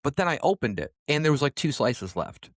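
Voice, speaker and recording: A man's voice: fairly high pitch, big pitch swings, fairly quick, no room sound, studio quality. A young adult man co-hosting a podcast, casually telling a rambling story with lots of fillers and the odd swear word. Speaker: podcast co-host.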